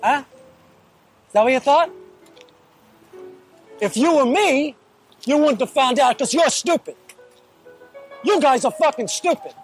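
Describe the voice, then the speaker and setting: A man's voice: extremely high pitch, animated, measured pace, long pauses. An actor playing a furious crime boss who berates and curses at his crew in a film clip. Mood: taunting. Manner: shouting, profane, taunting. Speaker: film character in a played clip. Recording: film clip with music behind.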